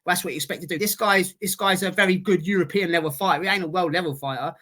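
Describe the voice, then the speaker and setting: A man co-hosting a casual boxing podcast, chatty and halting, often repeating words as he talks. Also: sits high, sharp tone. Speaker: podcast co-host.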